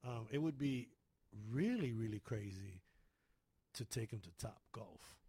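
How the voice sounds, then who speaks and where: A man's voice: fairly low pitch, lively intonation, unhurried, warm tone, breathy edge, no room sound. A middle-aged man chatting casually as a podcast host, rambling and repeating words, growing emotional as he talks about family. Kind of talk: casual chat.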